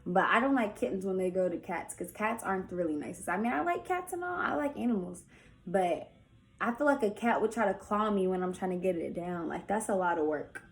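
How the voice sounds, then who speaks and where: A woman's voice: mid-range voice, lively intonation, a little fast. A young woman answering viewer questions in a casual vlog, chatty and candid, full of "like.". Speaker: vlogger. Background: faint music early on.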